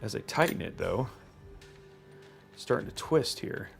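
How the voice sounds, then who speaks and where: Animated man thinking aloud mid-build. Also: lowish voice, measured pace, vocal fry, faint music behind. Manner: thinking aloud, trailing off and restarting, reading chat. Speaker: PC building livestream host. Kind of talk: casual livestream chat while building a PC.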